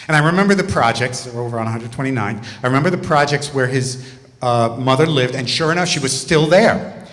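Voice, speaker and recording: A former teacher telling a confessional story to a live audience on a theater stage, in an animated, candid way. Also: male voice, medium pitch. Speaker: former teacher and religious brother. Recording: long hall reverb from a stage.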